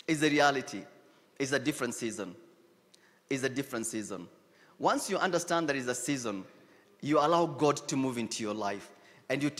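A man's voice: a little high, a bit bright, in a large hall. A man with a Kenyan accent preaching a sermon, emphatic and repetitive, dropping Swahili phrases into his English. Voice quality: emphatic preaching, repeats key lines, switches into Swahili phrases. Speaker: pastor.

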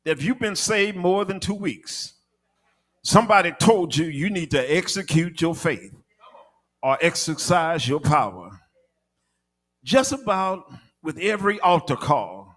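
A man preaching a sermon in a church, with a rhythmic delivery that rises into shouted, half-sung cadences. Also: a little high.

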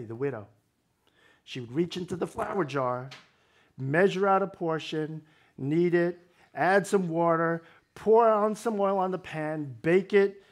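A male pastor preaching a sermon, explaining scripture in a conversational way with wry humor. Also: a little high.

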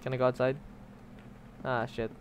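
A man's voice: medium pitch, level tone, moderate pace, noisy background. A young man streaming a game, chatting casually, swearing and reading the game's text aloud. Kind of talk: casual let's play commentary.

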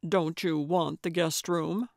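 A woman doing a gruff, blunt man. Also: low-pitched, fairly even intonation, slow, darkish tone, dry recording, studio quality, full character voice. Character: grumpy blunt man, tired.

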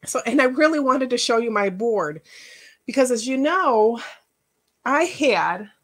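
A woman's voice: fairly high pitch, animated, unhurried. Emotional chatty woman life coach. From Northwest Indiana, United States. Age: middle-aged. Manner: earnest, emotional, chatty with asides. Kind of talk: casual workshop talk.

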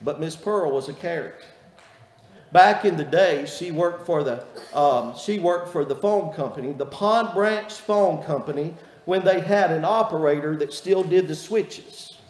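Folksy pastor in an echoey church. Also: male voice, a little high, measured pace. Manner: folksy storytelling, warm and earnest. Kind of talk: sermon. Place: church sanctuary. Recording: echoey church hall reverb.

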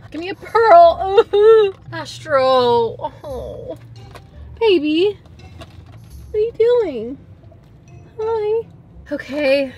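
A woman's voice: high voice, darkish tone. A young woman reviewing drinks in her parked car for a vlog, talking in a dramatic, over-the-top way about what she tastes. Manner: dramatic, exaggerated disgust. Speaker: vlogger.

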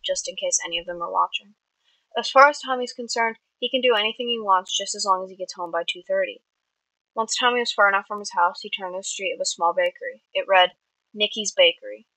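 A woman's voice: mid-range voice, bright, forceful tone, dry recording, rough recording. A woman reading her own story aloud, with small slips and self-corrections. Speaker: amateur writer.

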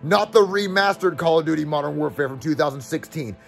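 A man's voice: a little high, fairly quick, vocal fry. A man playing an over-the-top commercial announcer in a parody ad, who speaks in a hyped, salesy and repetitive way.

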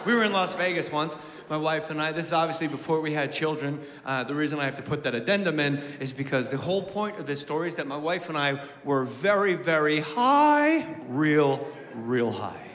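A man performing a stand-up comedy routine, ranting profanely and swinging from low mutters to loud shouting, on a handheld mic in a large venue. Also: quick pace. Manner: profane, mocking rants. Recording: echoey live hall recording with crowd. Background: audience laughter.

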